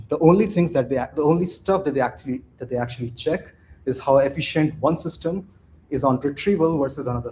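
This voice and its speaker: A man presents a technical talk at a live conference, with a mellow, darkish tone. His delivery is loose and conversational, full of restarts and quick "right?" checks with the audience, and a faint hiss sits under the voice. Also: mid-range voice. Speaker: conference speaker.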